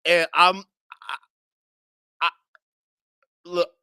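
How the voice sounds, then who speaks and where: High bright man laughing and shouting. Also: flat delivery, very slow, smooth, no echo. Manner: laughs loudly, shouts in disbelief, swears; blunt street slang, addresses viewers directly. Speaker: reaction video host. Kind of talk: reaction commentary.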